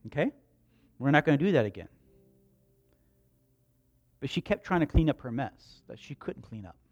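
A man preaching a sermon, telling a personal story in a hushed voice, then building to loud, slow, emphatic lines. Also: a little high. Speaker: pastor.

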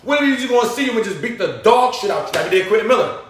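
A man in a heated casual debate on a podcast, animated and argumentative, often cutting in on the others. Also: high voice, racing, distant mic, a little hiss or hum. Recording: very echoey room.

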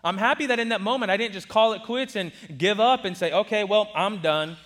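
A man in his twenties from Southern California, telling a personal story in a sermon with lively delivery and acted-out quotes. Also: high-pitched, brisk. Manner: animated, acts out quoted voices. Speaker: preacher.

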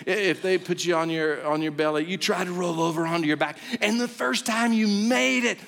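A high-voiced man preaches a sermon, spinning a story with playful, animated energy. His voice rings out with the long reverb of a large hall, like a church sanctuary. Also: a little fast, gravelly. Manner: animated storytelling, acts out a baby's voice. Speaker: pastor.

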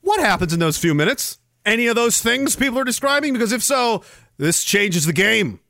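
A man's voice: very high-pitched, expressive, fast, sharp tone, dry recording, studio quality. A man hosting a livestream, telling a story in a crude, joking way and laughing often. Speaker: podcast host. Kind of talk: casual livestream chat.

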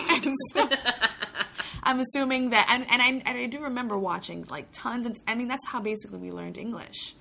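A woman's voice: a little high, moderate pace, creaky, pushed and bright, a little hiss or hum. A young woman from Puerto Rico, a guest in a casual interview, telling stories chattily with frequent laughs and restarts. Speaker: guest, actor.

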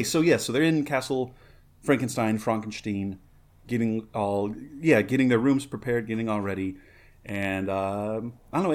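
A man's voice: medium pitch, a little mellow. A man co-hosting a casual podcast, rambling and laughing often, a bit tipsy from a drink. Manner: rambling, laughs often, quotes film lines. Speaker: podcast co-host. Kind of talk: casual movie-watching chat.

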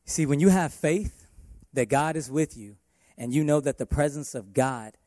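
A man, a worship pastor, preaching a sermon in an emphatic way, his loudness rising and falling. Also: fairly high pitch, moderate pace, no room sound, studio quality.

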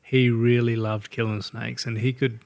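An Australian man with a mid-pitched voice, co-hosting a laid-back podcast chat. He speaks bluntly and gruffly and swears without a second thought. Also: level tone, normal speed, darkish tone. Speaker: podcast co-host. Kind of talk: casual chat.

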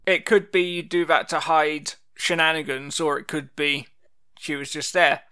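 A man's voice: a little high, flat delivery, normal speed, sharp tone, clear, resonant tone. A man co-hosting a casual podcast, playful and jokey, interjecting with questions. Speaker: podcast co-host. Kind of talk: casual chat.

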